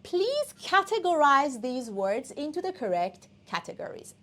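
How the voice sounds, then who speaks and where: Woman teacher running an english test prep class, high voice swooping all over, drills the words again and again. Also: very animated, unhurried, a bit bright. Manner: emphatic, repeats and drills words aloud.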